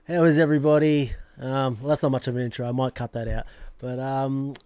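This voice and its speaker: A man's voice: mid-range voice, steady tone, a little fast, warm tone, clear, resonant tone, dry recording. A young Australian man hosting his own fantasy football channel, rambling in a casual, self-mocking way with lots of restarts. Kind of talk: casual vlog chat.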